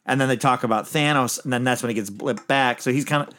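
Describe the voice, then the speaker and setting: A man's voice: mid-range voice, fast talker, a bit bright. Chill guy on a movie podcast, keeps saying mm-hmm, recaps the plot. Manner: agreeable, frequent affirming backchannels. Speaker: podcast co-host. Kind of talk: casual movie discussion.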